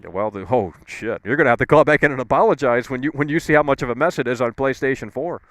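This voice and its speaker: A man hosting a live call-in show outdoors in the cold, talking loudly and arguing with callers. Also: medium pitch, fast, no room sound. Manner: loud, ranting, combative. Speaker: live stream host taking calls.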